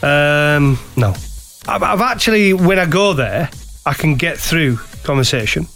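A man's voice: on the high side, expressive, a little slow, a bit bright, soft background music. A man co-hosting a sports radio show, playful and a bit sheepish in banter. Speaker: radio co-host. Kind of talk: casual studio banter.

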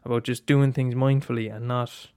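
A man's voice: medium pitch, flat delivery, moderate pace, warm tone, clear, resonant tone, no room sound, clean studio sound. A man in a rambling casual monologue, swearing often and restarting his sentences.

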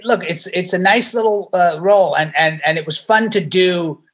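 Bright-voiced man telling a story. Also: high-pitched, normal speed. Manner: animated, laughing, many restarts. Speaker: actor guest. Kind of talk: casual storytelling.

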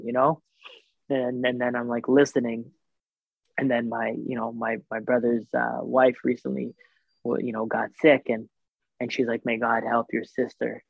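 A man casually recounting a personal story, acting out the dialogue in an animated way and using plenty of fillers. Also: mid-range voice, gravelly, husky, no echo. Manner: animated retelling with reported dialogue, many fillers. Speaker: guest telling a personal story. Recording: thin phone-like dry sound.

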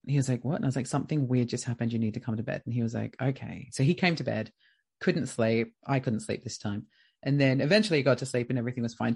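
Australian woman, podcast guest, lively storyteller who voices every quoted line. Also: rumbling low. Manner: lively, acts out quoted dialogue. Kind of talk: casual storytelling.

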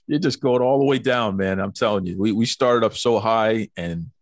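A man's voice: on the low side, moderate pace, dry recording, studio quality. A man hosting a podcast in casual interview chat, jokey and teasing in playful banter. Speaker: podcast host. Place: home studio in Boston.

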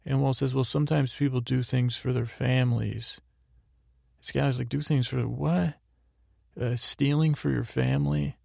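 A man hosting a sleep podcast, slowly retelling episodes in a meandering way full of fillers and restarts. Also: mid-range voice, gravelly, dark tone, dry recording, studio quality. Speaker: podcast host. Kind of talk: rambling bedtime recap.

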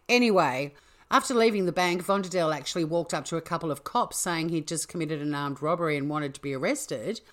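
A woman's voice: low voice, animated, brisk. A woman hosting a true-crime podcast, chatty and playful, correcting herself as she goes. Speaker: podcast host.

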